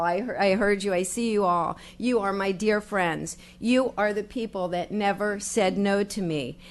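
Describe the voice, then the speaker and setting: Older woman giving a heartfelt acceptance speech. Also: mid-range voice. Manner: heartfelt, halting, grateful, with fillers and restarts. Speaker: newly elected official giving acceptance speech. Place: public meeting hall with audience.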